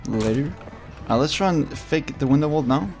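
A man giving casual, excitable gameplay commentary, swearing often and talking to his opponent. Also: fairly high pitch, moderate pace, faint music behind. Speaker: gaming video creator.

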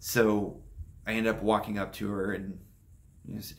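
A young man with a low, gravelly voice shares a painful personal story on his vlog. He speaks softly and haltingly, with fairly even intonation, pausing and starting over as his feelings catch up with him.

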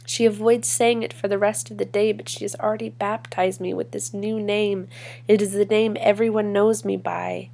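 A woman performing a spoken word poem in a measured, deliberate way with long pauses. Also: medium pitch, level tone, vocal fry, mellow. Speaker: poetry reader. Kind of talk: spoken word poetry reading.

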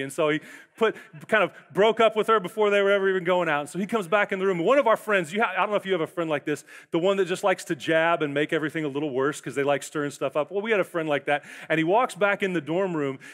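A male pastor in his forties preaches to a large church, his high, bright voice carrying the story along. He tells it in animated bursts and slips into voicing the people in it. A long reverb hangs behind every line. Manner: animated storytelling, quick bursts and acted quotes. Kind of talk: sermon.

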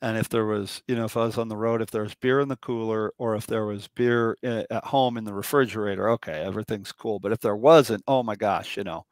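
A man's voice: on the low side, quick pace, few pauses, no room sound. A man hosting a casual conversation, telling stories with lots of restarts and asides. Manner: rambling, animated storyteller with many restarts. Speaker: podcast host.

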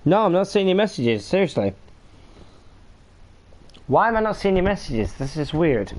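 Lively swearing young man gaming. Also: sits high, normal speed. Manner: frustrated swearing outbursts. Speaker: gaming streamer. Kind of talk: live gameplay commentary.

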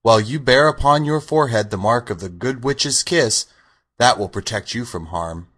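A man voicing a calm, steady man made of tin in an audiobook, brisk and matter-of-fact. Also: mid-range voice, natural voice. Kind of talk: audiobook character voice.

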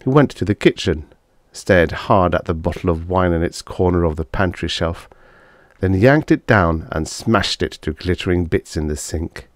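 Male audiobook narrator, expressive range, dry close sound. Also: deep voice, moderate pace, no room sound. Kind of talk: scripted narration.

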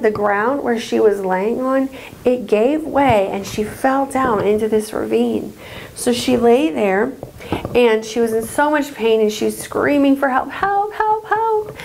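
A fairly high-voiced woman telling a story to children at church. She talks haltingly, stopping often with fillers. A faint hiss sits behind her. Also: gravelly, darkish tone, poor audio.

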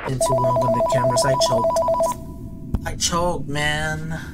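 A man reacting excitedly and in slang while playing a horror game for his channel. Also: on the high side, slow pace, heavy background noise. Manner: excitable, slangy, jumpy exclamations. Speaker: gaming YouTuber. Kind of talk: reactive gameplay commentary.

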